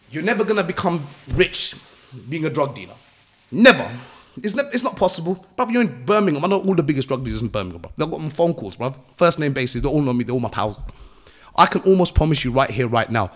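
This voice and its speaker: A man's voice: a little high, big pitch swings, fast. A young English man with an English accent, a guest on a podcast interview, talking bluntly with street slang and swearing, lecturing his listeners. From England. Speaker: entrepreneur guest.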